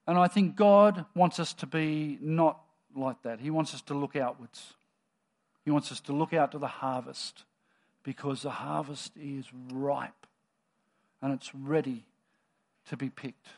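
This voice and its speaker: A man with a slightly higher-than-usual voice preaches a sermon in a church. He talks in a relaxed, conversational way and tells the story with lively energy. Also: a little slow.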